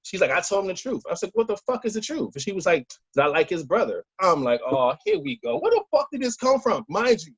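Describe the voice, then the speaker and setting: A man with a fairly high, husky voice tells a story in loose, casual talk. He acts out each phone call as he goes. The audio is dry and dull, like a lo-fi podcast. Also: a little fast, few pauses, no room sound. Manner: animated storyteller acting out phone calls. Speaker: podcast co-host.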